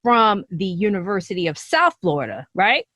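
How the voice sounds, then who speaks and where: A woman's voice: mid-range voice, sing-song, moderate pace, bright, forceful tone, dry recording. A woman hosting a podcast, upbeat and playful, chatting casually with a guest over a call. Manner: upbeat, playful, laughs often. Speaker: podcast host.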